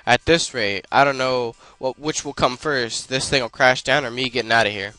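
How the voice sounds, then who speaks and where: A man's voice: mid-range voice, normal speed, sharp tone, no echo, natural voice, low-quality recording. A man reading out a bitter, foul-mouthed middle-aged male rocket pilot, swearing and stumbling over his lines while reading. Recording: faint game music behind.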